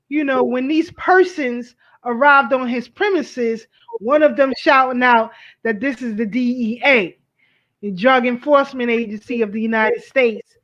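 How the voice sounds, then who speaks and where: High-voiced woman co-host, dull sound. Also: fairly bright tone. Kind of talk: casual commentary.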